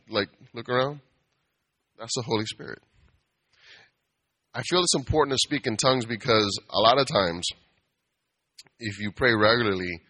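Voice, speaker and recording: Man, casual sermon, bright voice, conversational, playful. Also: lowish voice. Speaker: preacher.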